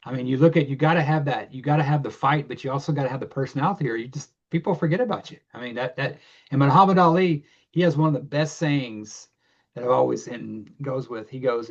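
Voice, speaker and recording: A man's voice: medium pitch, quick pace, lo-fi sound. A man co-hosting a casual podcast, talking in a rambling way and restarting his thoughts. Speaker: podcast co-host. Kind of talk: casual chat.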